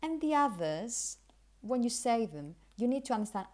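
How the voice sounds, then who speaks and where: A woman giving a pronunciation lesson, with a mellow, warm voice. She explains patiently and says each example sentence twice, first carefully and then softly and loosely, the way it sounds in connected speech. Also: a little high. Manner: models example sentences slowly, then repeats them relaxed and weak. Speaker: English pronunciation teacher.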